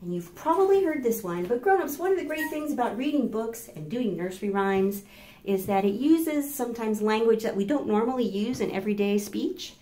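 A woman children's librarian leading a storytime, animated and sing-song, talking encouragingly to young kids and their grown-ups. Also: fairly high pitch, a little fast. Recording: roomy room echo.

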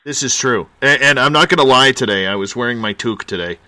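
A man's voice: mid-range voice, fast, bright, forceful tone. A man from Canada hosting a late-night radio show, chatting and telling a story in a joking, easygoing way.

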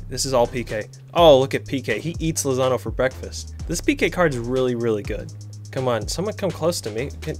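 A man giving chatty, excitable commentary on a football video game as a gaming channel host. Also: medium pitch. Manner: excitable, chatty, cheers on players. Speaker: gaming YouTuber. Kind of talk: casual gameplay commentary.

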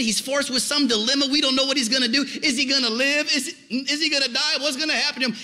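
Middle-aged male pastor, high and sharp tone, lively folksy sermon delivery. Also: a little hiss or hum. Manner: animated preaching, builds to shouting; folksy asides and humor.

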